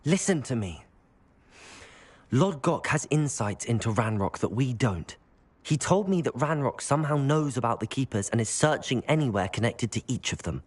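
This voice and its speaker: An actor playing a calm, firm young wizard student in a video game. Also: male voice, medium pitch, normal speed, slightly rough. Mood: stern. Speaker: player character.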